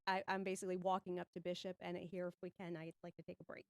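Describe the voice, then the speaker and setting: A woman playing in a tabletop role-play game, switching in and out of character in a measured, inquisitive way. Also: on the low side, flat delivery, no room sound. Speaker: player.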